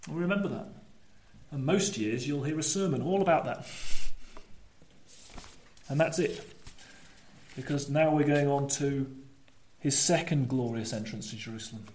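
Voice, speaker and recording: A man preaching a sermon, animated, swinging between lively storytelling and low, emphatic asides. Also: normal speed, pauses often. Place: church. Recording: echoey church room.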